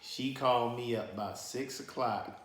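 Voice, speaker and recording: A young man gives his side of the story in a relaxed, joking way, often cutting in. His voice sits in a middle pitch. The room has a noticeable echo. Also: moderate pace, a little hiss or hum. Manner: laid-back, interjecting, joking. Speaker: co-host telling their story. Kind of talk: casual storytelling chat.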